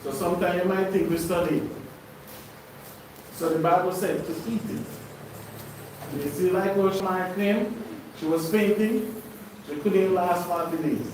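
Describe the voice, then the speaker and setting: A man leading a sermon-style Bible study for a congregation, preaching with call-and-response questions. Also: on the high side. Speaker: teacher of a congregation. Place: congregation hall. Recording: very echoey room, far from mic, noisy.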